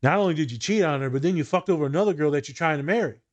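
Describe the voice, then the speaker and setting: A man's voice: fairly high pitch, animated, racing, lo-fi sound. A man co-hosting a casual podcast chat, telling blunt, profane stories about his work as a therapist.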